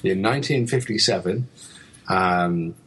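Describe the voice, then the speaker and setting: A man's voice: sits low, a little slow, a bit bright, breathy edge. A man hosting a podcast in casual banter, playful and teasing with his co-hosts. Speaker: podcast host.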